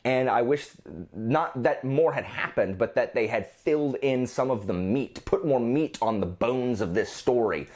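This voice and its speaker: A man's voice: medium pitch, a little slow, darkish tone. A man reviewing books in a casual vlog, rambling and often restarting his sentences. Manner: rambling, self-interrupting, frequent restarts. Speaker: book reviewer.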